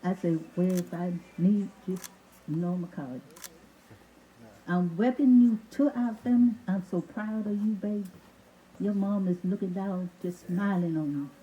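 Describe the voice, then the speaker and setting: A woman's voice: on the low side, steady tone, moderate pace, mellow, dull audio, slight background noise. A woman giving a casual wedding toast, affectionate and calling the couple baby. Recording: speech over a chattering crowd. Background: crowd of guests.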